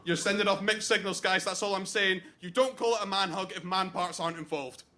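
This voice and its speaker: A man's voice: high voice, fairly quick, background noise, lightly acted. A man playing a jealous, crude best man. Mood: indignant. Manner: crude, mocking, jealous rant. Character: jealous, crude young male best man giving a wedding toast. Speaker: best man giving a wedding speech. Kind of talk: comic stage monologue.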